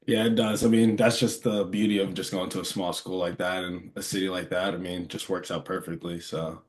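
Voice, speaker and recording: A young man, a college basketball player, giving relaxed, plain answers as a podcast guest. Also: sits low, fairly quick. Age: young adult. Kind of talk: casual interview answers.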